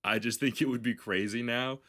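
A man's voice: mid-range voice, steady tone, normal speed, a bit bright. A man hosting a podcast, telling long rambling stories in casual, heavily profane chat. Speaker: podcast host.

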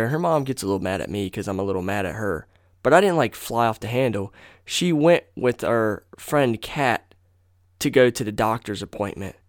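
A man's voice: medium pitch, no echo, clean studio sound. A young man hosting a podcast, telling a story in a rambling, profane, casual way and correcting himself as he goes. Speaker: podcast host.

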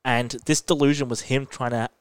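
A man's voice: mid-range voice, fairly even intonation, a little fast, smooth, no room sound. A man co-hosting a podcast in casual chat, eagerly explaining a plot and laughing often. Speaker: podcast co-host.

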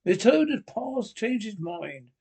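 A man's voice: sits high, big pitch swings, darkish tone, slightly rough, voice pushed up, heavily acted. Man reading as a stern old badger. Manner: grave, commanding, deliberate.

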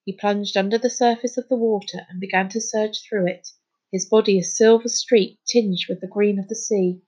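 A woman narrating a children's story, reading aloud in a clear, even way. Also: medium pitch, normal speed. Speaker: storybook reader.

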